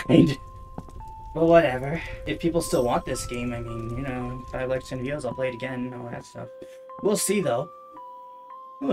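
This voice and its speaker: A woman streaming a VR game, casually commentating in a bossy, exasperated way, close to a desk microphone at home. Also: low voice. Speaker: VTuber streamer. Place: home room, playing standing in VR.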